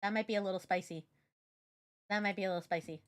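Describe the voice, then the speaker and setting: A woman's voice: mid-range voice, steady tone, quick pace, faint music behind. A woman streamer chatting casually with her viewers, giggly and rambling, with lots of fillers. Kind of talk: casual reaction chat.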